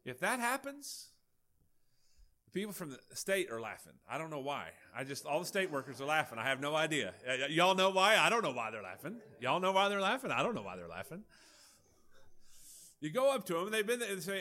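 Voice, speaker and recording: A male pastor, preaching a folksy, animated sermon with acted-out dialogue. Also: on the high side, fairly quick.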